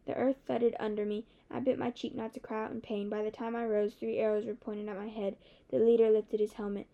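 A woman narrating a fantasy novel in the first person, with steady, even storytelling. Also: on the high side, fairly quick, vocal fry, lo-fi sound. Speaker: audiobook narrator.

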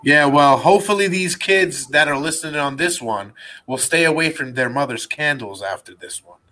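A man's voice: fairly high pitch, normal speed, sharp tone, slight background noise, poor audio. A man hosting a casual live podcast, joking and upbeat. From the Bronx. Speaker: podcast host. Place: at a bar.

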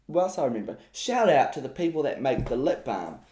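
A man's voice: mid-range voice, big pitch swings, fairly quick, darkish tone. A young man with a New Zealand accent, co-hosting a podcast in a playful, chatty way. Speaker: podcast co-host. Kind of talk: casual chat. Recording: echoey room.

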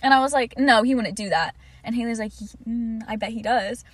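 A woman's voice: on the high side, a little fast, no echo. A young woman co-hosting a casual chat podcast, telling a long story and quoting everyone with lots of "like". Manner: storytelling, quoting others with many "like"s. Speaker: podcast co-host.

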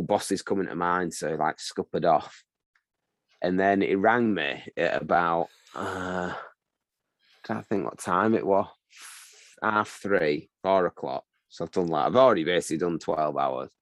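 A young man with a very low voice, worn out and swearing freely as he tells a story on a video call. His sound is dry and close, with no room echo. He tells it in a lively, animated way. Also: measured pace. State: exhausted after a twelve-hour shift. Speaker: video call chat participant. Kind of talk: casual chat.

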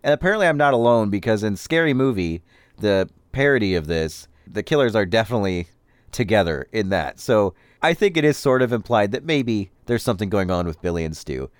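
A man hosting a podcast, casually and jokingly recapping a film, with lots of animated voices. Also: lowish voice, fairly quick, clear, resonant tone, dry recording. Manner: chatty, jokey, animated impressions. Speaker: podcast host.

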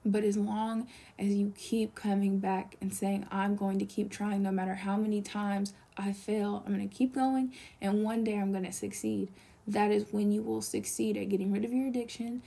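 A woman's voice: medium pitch, flat delivery, moderate pace, gravelly, dark tone. A young woman speaking to camera in an earnest, pleading confessional monologue, with strong repeated emphasis and sometimes dropping to a whisper. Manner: drops to a whisper at times.

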